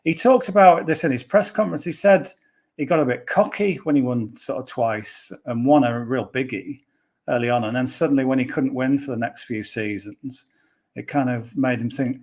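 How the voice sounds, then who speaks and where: A man's voice: mid-range voice, moderate pace, a little mellow. A man giving a casual golf betting preview on a podcast, rambling and chatty with plenty of fillers and restarts.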